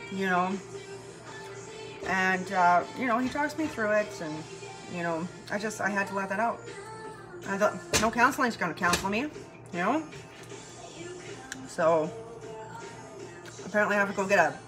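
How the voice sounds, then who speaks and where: Tired, rambling woman vlogger over music. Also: medium pitch. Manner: chatty, profane, meandering, often laughing. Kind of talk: rambling casual monologue. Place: her bedroom at home. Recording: music loud in the background. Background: music playing.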